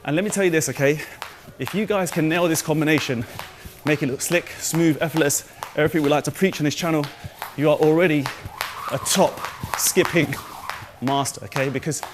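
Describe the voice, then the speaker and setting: A man's voice: a little high, normal speed, a little hiss or hum. A young man coaching jump rope, upbeat and hyped, a little out of breath as he talks viewers through a move. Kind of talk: energetic fitness tutorial.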